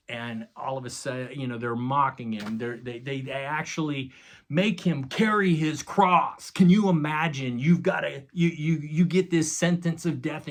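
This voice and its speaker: A man preaching a sermon, retelling a story dramatically with casual asides to his listeners. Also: fairly high pitch. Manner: dramatic retelling with acted quotes and sound effects; casual, addresses listeners as guys. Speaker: pastor.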